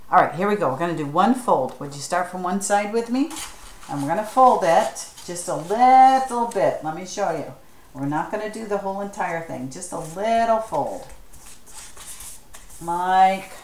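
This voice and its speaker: A woman leading a craft lesson for children, slow and unhurried. She talks patiently and spells words out letter by letter. Her voice carries a roomy echo. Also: lowish voice, gravelly, slight background noise. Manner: encouraging, asks the viewer to follow along. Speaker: children's craft leader at a church.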